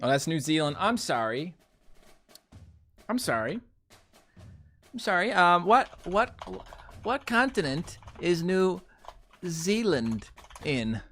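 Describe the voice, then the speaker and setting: A young man giving casual gameplay commentary to his viewers, chatty and animated, ranting playfully as he plays. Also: high-pitched, takes it slowly, pauses often, faint music behind. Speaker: gaming YouTuber.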